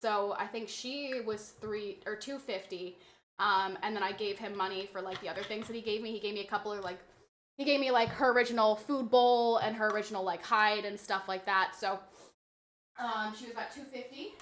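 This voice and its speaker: A woman's voice: mid-range voice, fairly even intonation, brisk, fairly bright tone. A young woman streamer chatting casually, telling a story with lots of fillers while she cleans a snake enclosure. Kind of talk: casual chat. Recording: echoey room.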